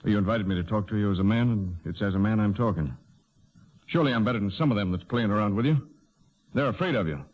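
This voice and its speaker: An actor playing a rough, ardent stable hand who talks in an earnest, forceful way, in a 1930s radio drama. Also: male voice, lowish voice, animated, fast. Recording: dull old radio broadcast recording.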